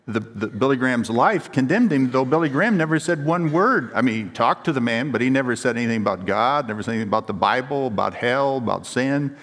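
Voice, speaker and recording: A man's voice: medium pitch, lively intonation, fast, few pauses, fairly bright tone. A male pastor preaching a sermon, emphatic and storytelling, asking the congregation questions. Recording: long hall reverb.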